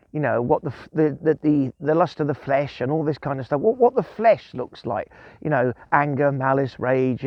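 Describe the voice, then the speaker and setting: Lively chatty preacher, dull dry sound. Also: male voice, fairly high pitch, no room sound. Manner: chatty, chuckling, animated storytelling. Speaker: guest preacher. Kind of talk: informal devotional talk. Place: outdoors in the countryside.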